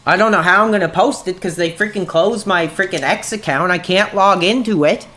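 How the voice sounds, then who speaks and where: A man in his thirties chatting on a gaming livestream, irritable and quick to anger, saying "dude" all the time. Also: high voice, bright, forceful tone. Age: 30s. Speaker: streamer. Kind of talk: casual gaming livestream chat.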